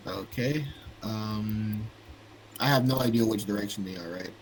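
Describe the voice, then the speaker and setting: A man's voice: on the low side, unhurried, breathy edge, faint music behind, poor audio. A man playing a tabletop game over voice chat, asking hesitant questions with restarts. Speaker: player.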